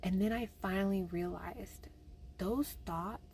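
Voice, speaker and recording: A young woman telling a personal faith story in a chatty, animated way, with many fillers. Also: mid-range voice, measured pace, a little hiss or hum. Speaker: vlogger.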